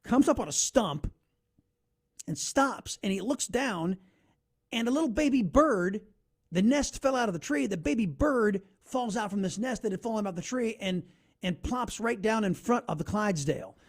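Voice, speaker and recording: A man hosting a talk radio show, telling a story in an animated monologue. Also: high-pitched, moderate pace. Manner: animated storytelling, narrates an ad over its soundtrack.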